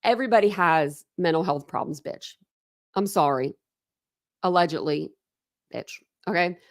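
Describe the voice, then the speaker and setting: A woman's voice: on the low side, moderate pace. Fired-up woman ranting about online drama. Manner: swears freely and repeats herself when worked up. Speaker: true crime YouTuber. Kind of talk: heated commentary on online drama.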